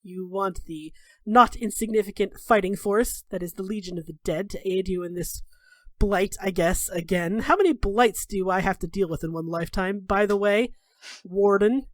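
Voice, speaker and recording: A woman's voice: mid-range voice, moderate pace, dry recording, close to an everyday voice. A woman voicing a smug, scheming male dwarf king with a drawling, self-satisfied manner.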